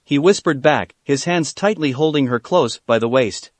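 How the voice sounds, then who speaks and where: A man reading a fan fiction story aloud, his voice rising and falling with lively expression. He sits a little high for a man, and the recording is dry and close with no room sound. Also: normal speed, few pauses, no echo. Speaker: narrator.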